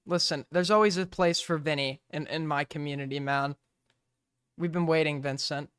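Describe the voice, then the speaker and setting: Sarcastic streamer with smooth, dry voice. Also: male voice, on the high side, steady tone, moderate pace, a bit bright, no echo. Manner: joking, sarcastic, rambling, swears a lot. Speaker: streamer reacting to a clip. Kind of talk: casual reaction commentary.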